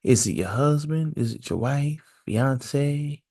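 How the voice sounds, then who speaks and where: A man's voice: mid-range voice, animated, takes it slowly, vocal fry, mellow. A man hosting a solo podcast, musing aloud in a casual, repetitive way and firing off one rhetorical question after another. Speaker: podcast host.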